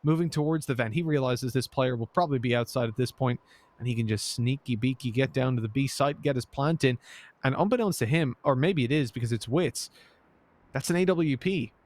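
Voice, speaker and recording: A man from Ireland with an Irish accent tinged with American, commentating an esports match with jokey banter and excited play-by-play. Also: medium pitch, fairly quick. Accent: Irish, mixed with American. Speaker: esports caster.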